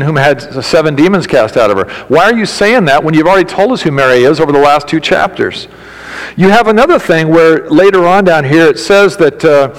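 Emphatic high-voiced male pastor preaching. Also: big-room sound, low-quality recording. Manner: emphatic, addresses congregation directly with questions and humor. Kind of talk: sermon.

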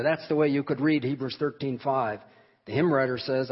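A man's voice: mid-range voice, fairly even intonation, moderate pace, slightly rough. A man preaching a sermon on a hymn, earnest and emphatic, rising and falling in volume as he stresses words. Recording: long hall reverb, dull sound.

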